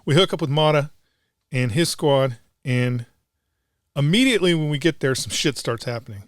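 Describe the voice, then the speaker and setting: A man's voice: fairly high pitch, lively intonation, moderate pace, no room sound, studio quality. A middle-aged man, a combat veteran guest, telling a war story in blunt, profane casual talk.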